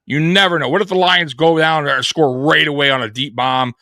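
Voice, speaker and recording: A man's voice: on the high side, a little fast, pushed and bright, no room sound, studio quality. A man co-hosting a live sports show, talking casually, profane and rambling.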